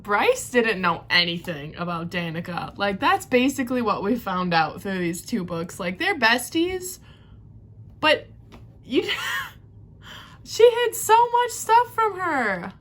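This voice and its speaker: A woman giving a casual reading vlog reaction, excitable and rambling, gasping and squealing at plot twists. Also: a little high, takes it slowly. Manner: rambling recap with many fillers. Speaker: book vlogger.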